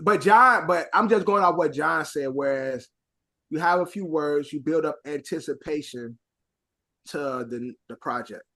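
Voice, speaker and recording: Animated man from Chicago, casual podcast banter. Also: on the high side, a little slow. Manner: animated, swings into loud mock voices. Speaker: podcast co-host. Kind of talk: casual chat.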